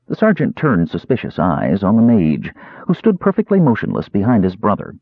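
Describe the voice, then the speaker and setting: A man narrating an audiobook in a scripted, expressive way. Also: fairly low pitch, brisk, breathy edge, no echo. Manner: expressive, varied delivery. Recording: thin phone-like audio.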